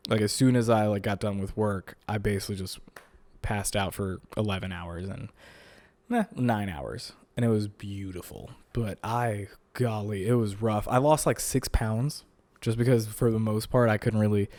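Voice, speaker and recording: A man's voice: lowish voice, a little mellow, dry recording. A young man hosting his own podcast at home, chatting casually and joking with lots of filler words while still tired and a bit out of breath. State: tired and a bit winded after illness. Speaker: podcast host. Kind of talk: casual solo podcast monologue. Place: home recording setup.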